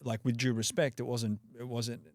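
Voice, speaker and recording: A medium-pitched Australian man talks at a moderate pace in a clean studio setting with no echo. He's a relaxed podcast guest, a native English speaker whose casual chat is full of "like" and "you know."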